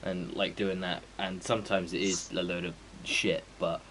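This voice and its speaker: Male streamer, low-pitched, rambling and sweary, faint background hiss. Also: little pitch movement, moderate pace, fairly bright tone, rough recording. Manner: rambling, sweary, full of fillers. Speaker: game streamer. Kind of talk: casual chat before a stream.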